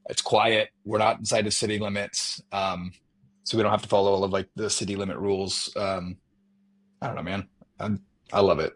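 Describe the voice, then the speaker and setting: A husky, slightly low-voiced man talks easygoingly as a podcast guest. He rambles in a loose, relaxed way and leans on fillers like "I mean" and "like". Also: a little fast. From California. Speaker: podcast guest, custom knife maker. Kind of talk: casual chat.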